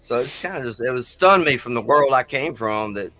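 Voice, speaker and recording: A man's voice: medium pitch, lively intonation, a little fast, music in the background. A man on as a guest in a casual chat, who tells rambling, easygoing stories and likes doing accents.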